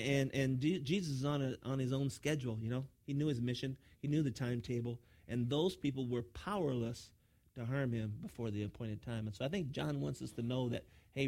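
A man's voice: medium pitch, darkish tone. A man preaching a sermon as pastor, emphatic, often repeating his words as he drives a point home.

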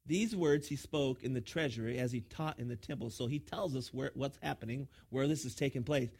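A man's voice: mid-range voice, brisk, vocal fry, a little mellow, slightly rough. A man preaching a sermon as pastor, emphatic, often repeating his words as he drives a point home.

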